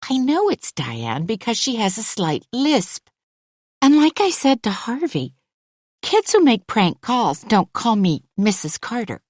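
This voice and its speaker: A woman's voice: wildly swooping pitch, measured pace, a little mellow, no echo, clean studio sound, heavily acted. A woman voicing an anxious, well-off young mother who talks in agitated, pleading tones. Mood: insistent. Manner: pleading, agitated, pitch rising.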